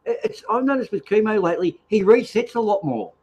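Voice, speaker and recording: A man's voice: high-pitched, lively intonation, a little fast, a little mellow, husky. A man chatting on an online voice call, joking and mocking. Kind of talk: casual chat on a voice call.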